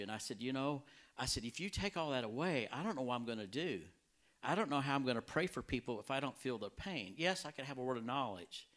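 A healing evangelist shares his testimony with a congregation in a medium-pitched male voice. He tells it animatedly, and his voice leaps high whenever he quotes his own reactions. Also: a bit bright. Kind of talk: testimony in a church talk.

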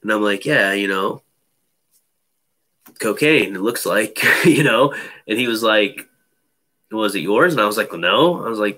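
A man's voice: on the low side, expressive, unhurried, pauses often, sharp tone. A man telling a personal story in casual chat, loose and profane, full of fillers. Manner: loose, profane, many fillers like "you know".

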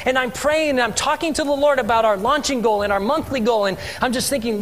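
A man telling his missionary story as a sermon testimony in a church, animated and asking the congregation questions. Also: very high voice, fast talker, few pauses, slight background noise. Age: adult with three children. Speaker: missionary speaker.

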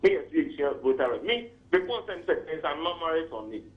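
A man's voice: on the high side, very animated, a little fast, lo-fi sound. A man with a Ghanaian accent calling a radio talk show, arguing his point in Twi and pidgin English. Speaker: caller. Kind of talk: radio call-in commentary.

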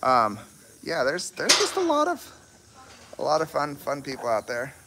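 A man's voice: a little high, wildly swooping pitch, moderate pace, heavy background noise. A man chatting casually on a livestream outdoors, rambling with lots of ums and restarts. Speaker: horse rescue livestreamer. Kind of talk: casual rambling live chat.

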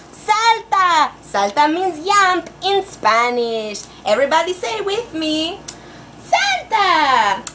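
Brief: a woman as a high, swooping, overeager storybook teacher who mixes in Spanish words. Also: fairly bright tone, slight background noise, heavily acted. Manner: sing-song teacher voice, drawn-out words, sprinkles Spanish phrases. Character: overeager female teacher persona, adult, playful. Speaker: pretend class teacher. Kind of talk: comic storybook read-aloud.

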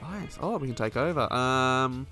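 A man's voice: medium pitch, expressive, unhurried, pushed and bright, faint music behind. A man giving casual, chatty commentary while playing a video game, reacting as he goes. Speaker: let's play gamer.

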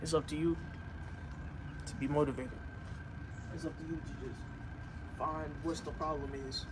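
Young man giving a loud outdoor pep talk. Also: fairly high pitch, level tone, moderate pace, heavy background noise. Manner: earnest, repetitive, rising to loud urging. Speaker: vlogger. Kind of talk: casual motivational pep talk to camera.

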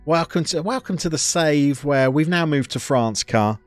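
A man live-streaming a football management game, chatting to viewers and reacting loudly to the play. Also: a little high, lively intonation, moderate pace, soft background music.

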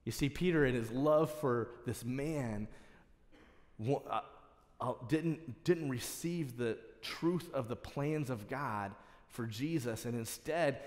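Male pastor, mid-pitched, passionate sermon delivery, long church reverb. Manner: passionate, builds to emphatic exhortation. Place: church sanctuary.

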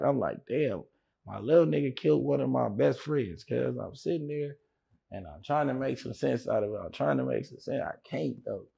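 Man, gravelly voice, rambling interview story, lots of fillers, acts out quotes. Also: mid-range voice. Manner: rambling, many fillers and restarts, acts out others' lines. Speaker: interview guest. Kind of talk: casual storytelling.

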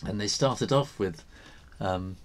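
A man's voice: fairly low pitch, slow, a little hiss or hum. An English man hosting a live drawing stream, chatting casually, reading out viewer comments and laughing often. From England.

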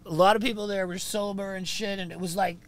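A man telling a rowdy, profane story as a podcast guest in a van, loud and laughing as he goes. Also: sits high, steady tone, quick pace. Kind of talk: storytelling anecdote. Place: inside a van.

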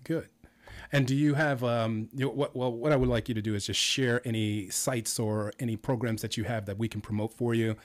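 A man's voice: medium pitch, fairly even intonation, a little fast. A man hosting an interview, talking casually and playfully with frequent fillers and restarts. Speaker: interviewer and show host.

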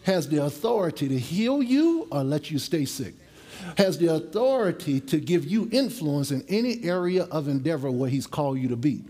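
A middle-aged man preaches a sermon to his congregation in a voice a touch higher than most men's. He talks like he is telling friends a story, tossing in jokes, then drags out key phrases slowly for weight. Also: mellow, slightly rough. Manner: slow, emphatic drawn-out phrases. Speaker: pastor. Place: church service with congregation.

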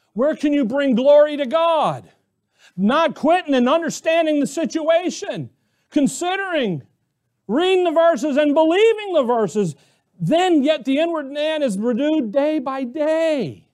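High-voiced man preaching with rhetorical questions. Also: darkish tone. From Arizona, US. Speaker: pastor. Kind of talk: sermon.

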